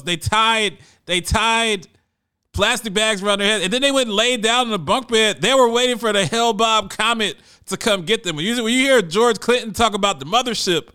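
Male podcast talker, bright and lively tone, loose and rambling delivery. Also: high voice, smooth. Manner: animated, conversational, trails off and repeats words. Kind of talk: casual monologue.

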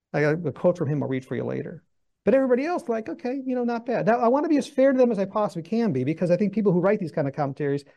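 A male Bible teacher with a high voice, a gravelly edge and a dark, mellow tone. He talks through scripture in a conversational way and acts out the people he quotes. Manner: conversational with restarts.

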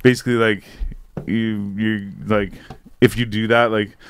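A man's voice: fairly low pitch, level tone, measured pace, a little hiss or hum. A man in casual chat, rambling and swearing, often acting out what people said. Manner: rambling, profane, acts out quotes.

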